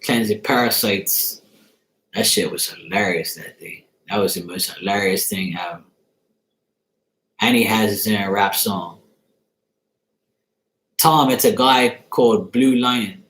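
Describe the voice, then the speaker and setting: A man's voice: fairly low pitch, a little slow, long pauses, a bit bright. A man hosting a tarot channel, telling a profane story in a casual, laughing rant. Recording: roomy echo.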